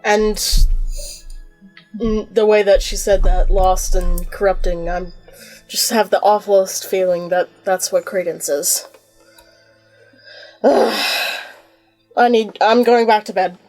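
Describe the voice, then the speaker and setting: Woman player, casual, relaxed slow speech, faint music behind. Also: medium pitch, poor audio. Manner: casual, easily amused. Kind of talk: tabletop game play.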